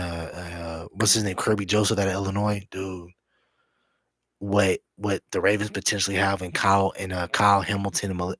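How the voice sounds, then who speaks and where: A man hosting a live draft watch party, talking football in a profane, excitable, slangy way and repeating himself. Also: deep voice, dry recording. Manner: drops into a hushed whisper to save his voice. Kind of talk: excited live-stream sports chat.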